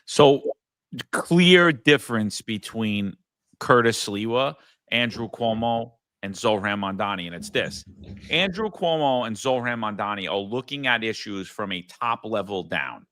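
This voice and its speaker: A man's voice: medium pitch, bright, forceful tone, dry recording. A man, a former police sergeant co-hosting a podcast, telling blunt, profane stories in casual political talk. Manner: blunt, profane, emphatic storyteller. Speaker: podcast co-host.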